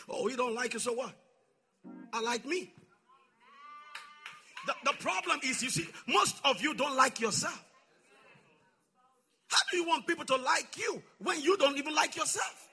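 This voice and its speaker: A male preacher delivering a sermon, calling out to the congregation and swinging from shouting to soft, low asides. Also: lively intonation, moderate pace, gravelly, pauses often, soft background music. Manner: call-and-response, swings from shouting to near-whisper.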